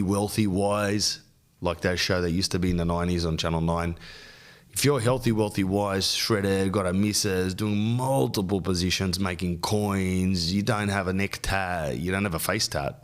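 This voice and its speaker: A man hosting a podcast, giving advice in a rambling, slangy way and saying "bro" often. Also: low voice. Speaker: podcast host. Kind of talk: casual advice chat.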